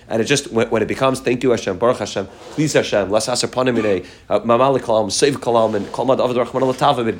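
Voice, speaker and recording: A man teaching a Torah class, talking quickly and often repeating his phrases while mixing Hebrew and Yiddish terms into English. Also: mid-range voice. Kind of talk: fast-paced Torah class.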